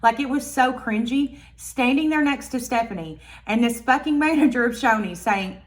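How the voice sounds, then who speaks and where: A woman telling a storytime vlog in a blunt, profane, animated way. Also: a little high, moderate pace. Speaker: vlogger.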